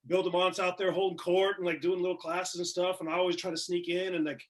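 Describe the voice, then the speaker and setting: A man telling casual, animated stories in an interview, swearing and laughing as he goes. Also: sits high, quick pace. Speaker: wrestler guest. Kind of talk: casual storytelling in a shoot interview.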